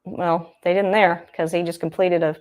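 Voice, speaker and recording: A young woman talks her way through a live football broadcast. She rambles and thinks out loud and keeps circling back to the action on screen. She sounds like a casual livestream host. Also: fairly low pitch, flat delivery, moderate pace. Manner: chatty and rambling, thinking aloud. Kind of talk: casual live game commentary.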